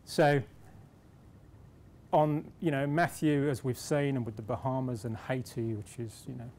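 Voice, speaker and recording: British man, middle-aged, conference speaker, mid-pitched voice, storytelling, faint rumble behind. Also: level tone, a little slow, darkish tone. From Britain. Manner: storytelling, self-deprecating, with repeated restarts. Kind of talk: conference speech with anecdote. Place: conference hall.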